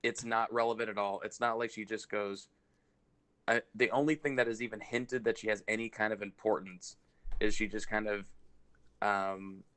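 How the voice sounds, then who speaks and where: Lower-voiced opinionated co-host. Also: male voice, fairly even intonation, a bit bright. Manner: opinionated, quick to do impressions. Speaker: podcast co-host. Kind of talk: casual review chat.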